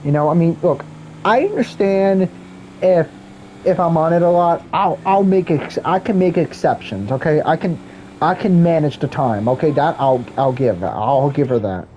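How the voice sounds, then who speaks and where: A man's voice: a little high, animated, moderate pace, a little mellow, muffled recording, slight background noise. A man ranting casually while playing a game, rambling and restarting his sentences often. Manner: rambling, repetitive, many restarts. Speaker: gaming vlogger. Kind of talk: casual rant while gaming.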